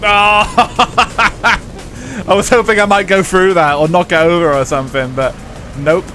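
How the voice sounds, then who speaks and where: Give me a young male streamer with a slightly high voice, casually chatting and cursing over gameplay with faint music. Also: fairly even intonation, measured pace, sharp tone. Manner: casual, swearing, rambling with fillers. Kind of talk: live gameplay commentary and chat.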